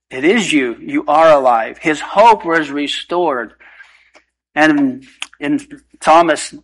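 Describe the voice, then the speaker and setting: A man preaching a sermon in an earnest, emphatic way, slowing down and speeding up to stress his points. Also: mid-range voice, fairly bright tone, low-quality recording. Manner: earnest, emphatic, shifting pace.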